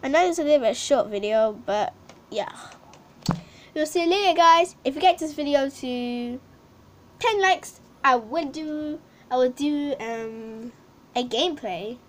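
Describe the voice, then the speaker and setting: Very high-pitched female game vlogger. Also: a little slow, a little hiss or hum. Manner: pleading and complaining. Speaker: channel host. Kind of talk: casual gameplay commentary.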